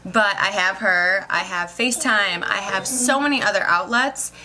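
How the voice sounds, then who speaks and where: A woman's voice: medium pitch, normal speed, crowd noise. A young woman talking about her day in a casual, emotional vlog, rambling and saying "like" a lot. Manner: emotional, rambling, says "like" constantly. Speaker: vlogger, social worker.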